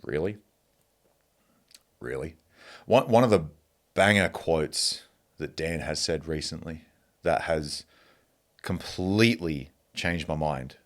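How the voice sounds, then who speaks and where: A man's voice: very deep voice, takes it slowly. A young Australian man hosting a podcast, giving a blunt, profane, fired-up motivational monologue with an occasional cough. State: coughing at times. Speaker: podcast host.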